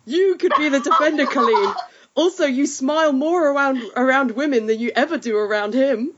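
A woman's voice: sits high, moderate pace, very noisy, lightly acted. A woman reading the part of a sympathetic, frank woman who comforts a friend, soothing but blunt and swearing casually. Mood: consoling. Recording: slightly muffled lo-fi audio.

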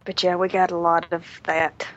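A woman's voice: fairly low pitch, level tone, moderate pace, fairly bright tone. A woman co-hosting a podcast in casual chat, chatty and laughing often. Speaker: podcast co-host. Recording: dull lo-fi podcast audio.

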